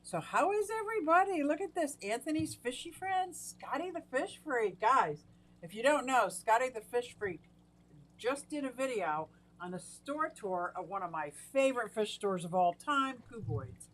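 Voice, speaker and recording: A woman's voice: on the high side, sing-song, moderate pace, fairly bright tone. A middle-aged woman hosting a casual live stream from her fish room at home, chatting away and greeting viewers by name. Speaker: aquarium hobbyist live-stream host.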